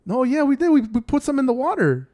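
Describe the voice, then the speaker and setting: A man's voice: very high-pitched, big pitch swings, quick pace, a little mellow. A man in a casual chat, asking laid-back questions and recalling things.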